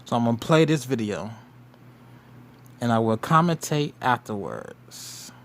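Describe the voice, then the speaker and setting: A man's voice: medium pitch, animated, unhurried, slight background noise. A man hosting a show, giving casual commentary in a rambling, musing way and repeating himself. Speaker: show host.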